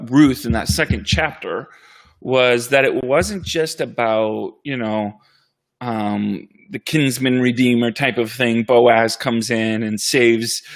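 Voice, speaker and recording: A man who serves as a pastor, chatting casually and thoughtfully with a colleague. His voice sits at an ordinary middle pitch. He circles his thoughts and restarts his sentences often. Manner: reflective, halting with many restarts. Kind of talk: casual conversation.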